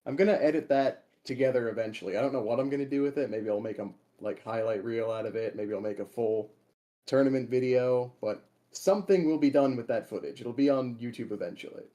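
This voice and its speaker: This young man from Minnesota co-hosts a podcast and plays in tournaments. His mid-range voice is mellow and fairly quick as he chats casually, telling rambling stories and laughing often.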